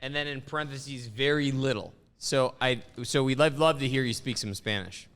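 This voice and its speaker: A man hosting a comedy podcast, asking mock-serious interview questions in a deadpan way. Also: medium pitch, normal speed.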